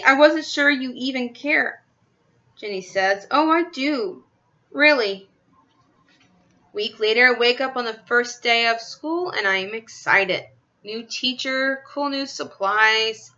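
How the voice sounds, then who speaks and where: A woman's voice: on the high side, pushed and bright, muffled recording. A woman reading a children's book aloud in the first person, expressively, into a webcam microphone. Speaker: reader. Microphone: built-in computer webcam mic.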